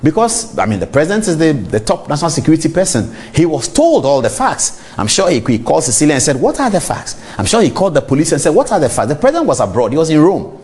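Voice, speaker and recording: A man's voice: a little high, fast talker, few pauses. A middle-aged man with a Ghanaian English accent, hosting a TV talk show and speaking straight to his viewers. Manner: animated, talks straight to viewers. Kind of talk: on-air commentary.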